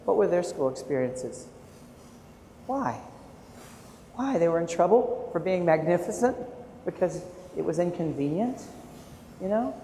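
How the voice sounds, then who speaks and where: Storytelling man in an echoey hall. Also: fairly high pitch. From United States. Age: 40s. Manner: animated storytelling with self-mocking humor. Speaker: keynote speaker and art educator. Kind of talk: keynote talk to teachers. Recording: echoey hall, faint room noise.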